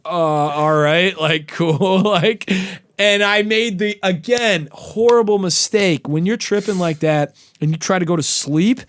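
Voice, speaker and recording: A young man with a voice a touch higher than most, telling a story in loose, casual talk. He swears often and gets animated as he goes. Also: measured pace. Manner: animated, profane, laughing storyteller. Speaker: podcast guest.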